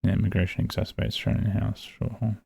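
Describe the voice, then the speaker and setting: A man hosting a political reaction video, talking casually and hesitantly with many pauses as he thinks aloud. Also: lowish voice, flat delivery, creaky, darkish tone, breathy edge, no room sound, studio quality. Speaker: political commentary host.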